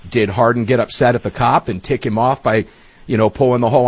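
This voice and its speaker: Husky talk radio host, emphatic. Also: male voice, medium pitch, fairly quick. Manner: emphatic, folksy, talks straight to listeners.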